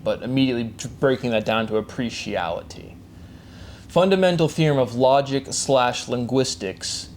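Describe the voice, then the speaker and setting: Guy rambling fast to himself, mid-pitch voice, loops the same phrases, makes up words, faint hiss behind. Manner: fast, repetitive wordplay with frequent restarts and coined words; chanted catchphrases. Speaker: solo presenter. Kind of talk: rambling solo monologue.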